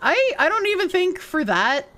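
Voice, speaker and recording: A woman's voice: very high-pitched, very animated, normal speed, pushed and bright. A young woman streaming a video game live, chatting casually and crudely with her viewers and joking as she plays. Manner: casual, profane, joking with chat.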